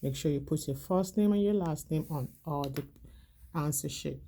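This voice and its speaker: A woman teacher giving a language arts lesson to young children, calling out each word loud and slow, then asking quietly how many syllables it has. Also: low-pitched.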